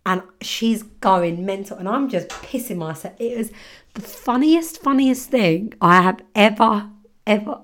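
A young woman hosting a podcast, chatty and giggly, telling a story with casual swearing. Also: medium pitch. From London, England. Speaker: podcast host.

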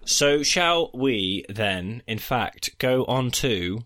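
A man co-hosting a podcast, chatting casually, swearing freely with quick asides. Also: mid-range voice, animated, fairly bright tone. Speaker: podcast co-host. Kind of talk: casual chat.

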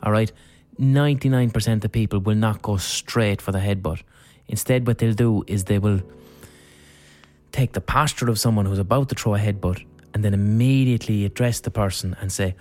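A man hosts his podcast in a lowish, unhurried speaking voice. He talks frankly and casually, and swears freely. Faint music plays quietly behind him. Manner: frank, profane, conversational. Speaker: podcast host. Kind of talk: reflective solo talk.

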